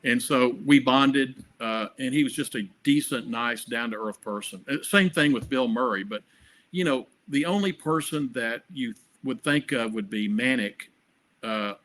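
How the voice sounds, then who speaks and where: Casual: guy spinning stories in an interview, bright forward voice, rambly, lots of uhs. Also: medium pitch, slight background noise. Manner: chatty, filler-heavy with repeated restarts. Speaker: guest, comedy award producer. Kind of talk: anecdotal storytelling interview.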